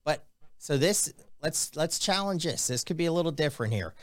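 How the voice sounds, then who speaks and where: A man hosting a casual sports betting podcast, telling jokey stories in an animated way. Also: on the high side, moderate pace, dry recording. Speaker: podcast host.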